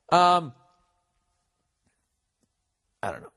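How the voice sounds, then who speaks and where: A middle-aged man talks through listener advice in a loose, rambling comic monologue, swearing freely and speaking bluntly. His voice sits a little high for a man. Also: lively intonation, normal speed, fairly bright tone. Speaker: podcast host giving advice. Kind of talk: casual comedic advice monologue.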